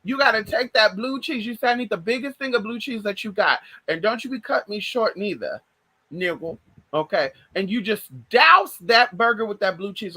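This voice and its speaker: A woman's voice: medium pitch, pushed and bright, slightly rough, no echo, rough recording. A woman vlogger chatting casually to her viewers, swearing freely and calling them y'all and girl. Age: adult. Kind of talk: casual storytelling chat.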